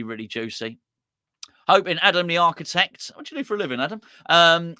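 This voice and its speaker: A man's voice: medium pitch, no room sound, clean studio sound. A man hosting a live fan show, chatting and joking as he reads out viewer predictions. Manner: chatty, jokey, lively, reading out names. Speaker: host of a fan channel.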